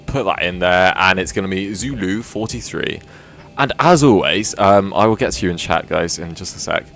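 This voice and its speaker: A man's voice: sits low, moderate pace, fairly bright tone. A British man chatting casually to viewers during a flight sim live stream, rambling and self-deprecating as he works.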